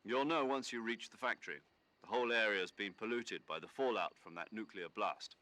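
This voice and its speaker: An actor playing a stern male commanding officer briefing an agent in a video game, measured and authoritative. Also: lowish voice, pushed and bright.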